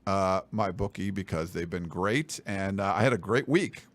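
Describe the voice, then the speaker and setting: A man's voice: low voice, moderate pace, no echo. A man co-hosting a sports podcast, joking and rambling through plugs and sponsor reads while teasing his co-host. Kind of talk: casual chat with sponsor reads.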